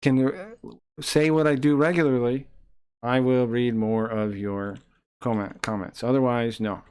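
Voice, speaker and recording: A man's voice: medium pitch, fairly even intonation, a little slow, a little mellow, a little hiss or hum. A man live-streaming who reads chat messages aloud and taunts a viewer in a combative way.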